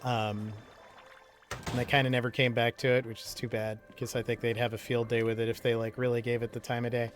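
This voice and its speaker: A man's voice: medium pitch, little pitch movement, a little fast, faint music behind. A man casually chatting and rambling while he plays video games for his channel, with lots of fillers. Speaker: gaming streamer. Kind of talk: casual let's-play commentary.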